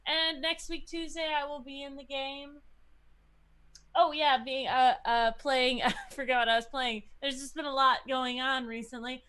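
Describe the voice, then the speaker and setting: Bright, scattered woman gamer. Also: sits high, clear, resonant tone. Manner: scattered, laughs at herself. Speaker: tabletop game player. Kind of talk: casual chat.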